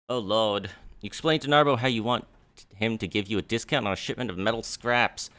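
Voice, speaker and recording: A man's voice: lowish voice, a bit bright. A male streamer reading game text aloud in a casual way, with swearing asides.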